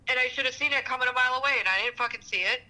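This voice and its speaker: A woman's voice: high-pitched, racing, sharp tone. Distressed swearing woman on a phone line. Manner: swears heavily, raw and self-critical. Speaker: advice seeker, guest. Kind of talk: emotional podcast conversation.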